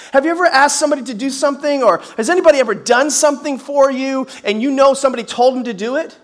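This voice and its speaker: A middle-aged male pastor with a strikingly high voice preaches to his congregation. He is lively and emphatic, poses rhetorical questions with folksy humor, and punches key phrases up to a shout. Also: quick pace, few pauses. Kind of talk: sermon. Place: church service before a congregation.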